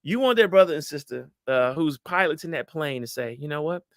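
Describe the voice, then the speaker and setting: A middle-aged man, giving lively motivational advice to an audience and acting out voices. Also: a little high, brisk, dry recording, studio quality. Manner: animated, acts out quoted voices, addresses audience as y'all. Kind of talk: motivational talk to a live audience.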